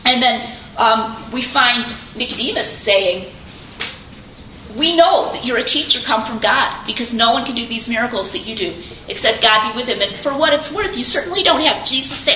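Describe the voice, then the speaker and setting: A woman's voice: a little high, moderate pace. A woman giving an informal lecture on Christian apologetics, speaking conversationally and animatedly and acting out quoted speakers. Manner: conversational, animated, quotes others in little voices. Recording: echoey room, faint background noise.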